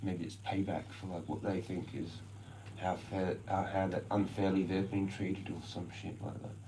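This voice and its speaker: A man's voice: low voice, level tone, moderate pace, warm tone, slight background noise, rough recording. An Australian man ranting casually on a live stream, rambling and swearing constantly in slang.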